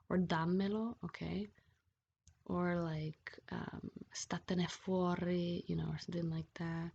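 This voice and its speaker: A woman's voice: fairly low pitch, creaky, a little mellow. A woman teaching grammar over slides, patient and checking in often with "okay?". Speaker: Italian language teacher. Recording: dull lo-fi voice-over with faint hiss.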